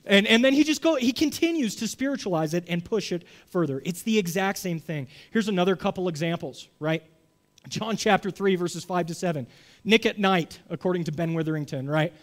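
Casting: male preacher, high tenor, chatty sermon delivery, acts out quick voices. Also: expressive. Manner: conversational, acts out voices, frequent "right?".

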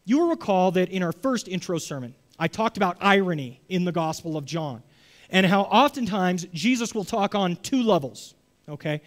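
High-voiced man preaching casually. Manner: conversational, acts out voices, frequent "right?". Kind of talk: sermon.

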